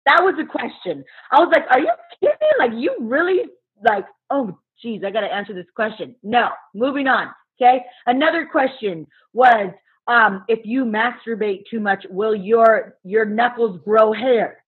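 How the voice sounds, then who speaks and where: A woman who works as a substitute teacher, telling a story in casual chat, animated and swearing freely while acting out what people said. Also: on the high side, unhurried, slightly rough. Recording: muffled phone-like sound.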